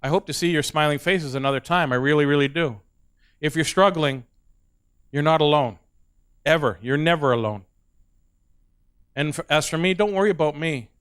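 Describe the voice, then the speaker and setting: Smooth-voiced male stand-up comic. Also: a little high, moderate pace, pauses often. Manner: animated, acts out stories, shifts into soft earnest asides. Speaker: stand-up comedian. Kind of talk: stand-up comedy storytelling.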